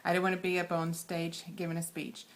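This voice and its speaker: A quiet, shy woman with a Texan accent giving earnest advice in a casual vlog, with many ums. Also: on the low side, monotone, fairly quick. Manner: soft-spoken, many fillers, earnest. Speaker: weight loss surgery vlogger.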